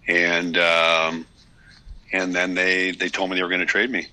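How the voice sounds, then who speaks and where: Deep guy in his 50s telling his story on a podcast, sharp edgy tone, kinda halting and reflective. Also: completely flat delivery, no room sound, poor audio. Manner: candid, reflective storytelling with many restarts. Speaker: guest, retired hockey player. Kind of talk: casual podcast interview.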